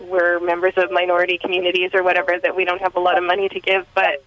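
A woman with a cold calling in to a radio show, speaking earnestly with many pauses and ums. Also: lowish voice, monotone. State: cold, coughing. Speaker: caller. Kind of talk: casual phone call to a radio show. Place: Montreal. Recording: tinny phone line.

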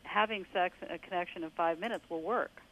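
A woman's voice: fairly low pitch, fairly quick, a bit bright, low-quality recording. A woman who runs tantra workshops, appearing as a radio guest and giving advice in an assured, coaching way.

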